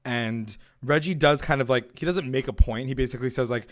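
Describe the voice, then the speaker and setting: A man's voice: mid-range voice, fairly quick, few pauses. A man co-hosting a TV recap podcast, chatting loosely and swearing, often acting out the characters' lines. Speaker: podcast co-host. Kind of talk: casual recap chat.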